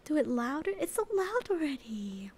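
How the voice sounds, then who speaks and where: High-voiced woman, whispered role-play. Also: big pitch swings, normal speed, slight background noise. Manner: soft whisper, chatty and bubbly. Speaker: livestreamer. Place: home at night.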